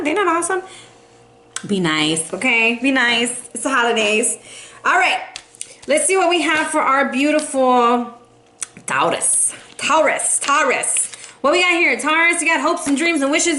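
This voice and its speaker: A woman doing a casual tarot reading for viewers, playful and lively, calling listeners baby and dropping in Spanish phrases. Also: high-pitched. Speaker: tarot reader.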